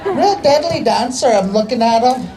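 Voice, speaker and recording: A man's voice: very high voice, animated, normal speed, dark tone, a faint crowd, rough recording. A man doing stand-up comedy, telling a story and ending lines with a tag question. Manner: ends lines with a tag question, loose joking delivery.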